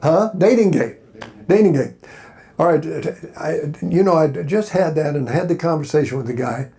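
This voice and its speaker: An older Alabama man sits on a hotel convention panel, spinning rambling, folksy stories and cheering on the audience during a Q&A. His voice is fairly high, creaky, and a bit mellow, at a moderate pace.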